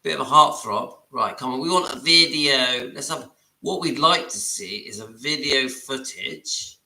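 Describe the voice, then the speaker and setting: A man's voice: mid-range voice, unhurried, gravelly, sharp tone, roomy sound. A man hosting his channel, chatting enthusiastically to viewers as he comments on clips. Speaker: channel host. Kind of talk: casual commentary over played clips.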